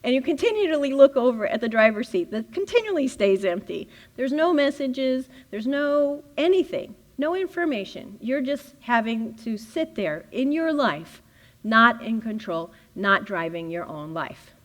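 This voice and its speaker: A woman giving a spiritual teaching talk, animated and laughing often as she acts out little scenes. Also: a little high, unhurried. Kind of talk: playful teaching talk with acted-out inner dialogue.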